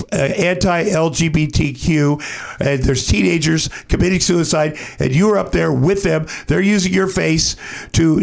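A middle-aged man, a podcast guest, telling a rambling story in a casual, animated way and acting out the quotes. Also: fairly high pitch, gravelly.

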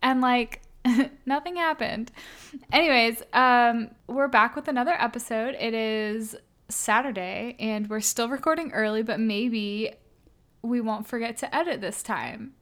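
A woman's voice: on the high side, a little slow, a bit bright. A young woman co-hosting a podcast in casual chat, talkative, laughing often and full of fillers. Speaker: podcast co-host.

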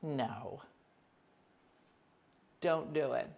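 A woman hosting a livestream, chatting casually and bluntly with viewers, calling them by name and swinging between loud outbursts and hushed asides. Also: a bass voice, extremely slow, creaky. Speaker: livestream host reading viewer comments.

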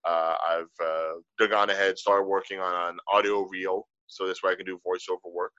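A man co-hosting a podcast, chatting casually and telling stories in an animated way. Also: low voice, moderate pace, no echo, lo-fi sound. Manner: animated, storytelling. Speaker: podcast co-host. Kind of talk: casual conversation.

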